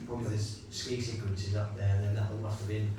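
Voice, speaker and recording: A man's voice: lowish voice, little pitch movement, fast. A man hosting an event panel and talking through photos in a casual, meandering way, with frequent fillers. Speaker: host presenting photos. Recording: very echoey room, distant mic, background noise.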